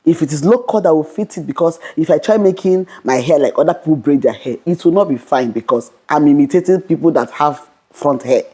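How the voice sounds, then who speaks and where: Fast-talking woman with a husky dark voice. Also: deep voice, lively intonation. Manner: talks fast and bold, repeats "okay". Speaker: vlogger. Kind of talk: motivational Christian talk to camera.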